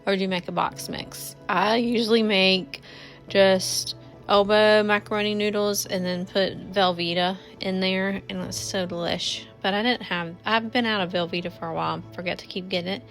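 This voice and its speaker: A woman's voice: mid-range voice, fairly even intonation, normal speed, a bit bright. A woman, chatting casually to viewers while cleaning her home kitchen. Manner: chatty, addresses viewers as y'all. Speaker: cleaning vlogger. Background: faint music.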